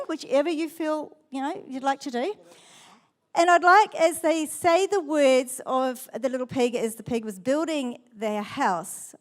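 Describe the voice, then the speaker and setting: A woman pastor preaching a sermon in church, telling the story in a lively and playful way. Her voice sits high for a woman.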